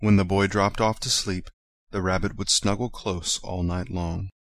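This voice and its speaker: A man reads a children's story aloud in a fairly low, gentle and measured voice. The recording is dry and close, with no room sound. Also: steady tone, gravelly, no room sound.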